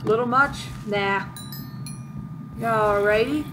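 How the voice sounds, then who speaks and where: A woman's voice: fairly high pitch, measured pace, background noise. A woman hosting a let's-play video, chatting through a game in a playful, mock-dramatic way. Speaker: gaming video host.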